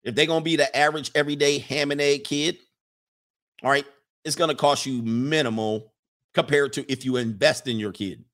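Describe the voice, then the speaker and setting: A man's voice: medium pitch, fairly even intonation, brisk, a bit bright. A man hosting a livestream, lecturing viewers in an emphatic, mocking way and reeling off long lists. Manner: emphatic, preachy, list-making, mocking. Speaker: livestream host. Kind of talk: casual advice monologue to viewers.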